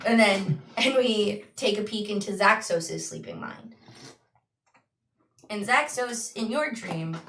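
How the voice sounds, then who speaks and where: Slow-narrating woman game master, roomy sound. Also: medium pitch, a bit bright, distant mic, a little hiss or hum. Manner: slow, descriptive storytelling with restarts. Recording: echoey room, voice off-mic.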